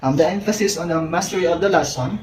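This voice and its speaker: A woman's voice: lowish voice, fast talker, a little mellow. A young woman, an education student reading out questions from her field study report and answering them, often restarting cut-off words. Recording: noisy recording with ambient noise and birds.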